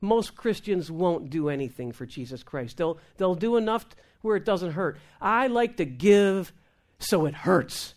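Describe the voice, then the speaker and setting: A woman minister telling a lively testimony in conversation, acting out the voices of the people in her story and laughing as she goes. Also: fairly low pitch, unhurried. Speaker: Christian minister. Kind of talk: testimony talk show conversation.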